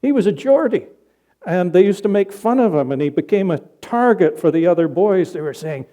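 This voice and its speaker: A male pastor giving a sermon in a church, telling a story in a conversational way with pauses. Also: high-pitched, animated, mellow. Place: church sanctuary.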